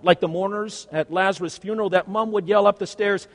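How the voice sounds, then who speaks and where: Earnest preacher in a reverberant hall. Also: male voice, a little high, lively intonation, brisk. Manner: earnest, swings between hushed and loud. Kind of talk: first-person dramatic monologue sermon.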